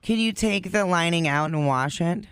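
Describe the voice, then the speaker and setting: A man's voice: on the high side, moderate pace, fairly bright tone, clear, resonant tone, no room sound, studio quality. A man co-hosting morning radio who teases his partner and quizzes him. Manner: teasing, quizzes his co-host. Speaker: radio co-host.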